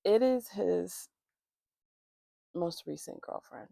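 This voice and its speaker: Woman vlogger, heavy vocal fry, casual profane storytime, dry close mic. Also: fairly low pitch, unhurried, darkish tone, dry recording. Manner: rambling, profane, acts out quoted voices. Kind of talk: casual storytime while doing makeup. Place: at home, morning makeup routine.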